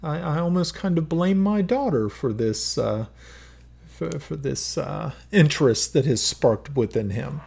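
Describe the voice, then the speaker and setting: A man's voice: a little high, animated, a little slow, vocal fry, darkish tone, husky, voice pushed up, heavily acted. A man voicing a polite male court advisor who formally presents guests to the king.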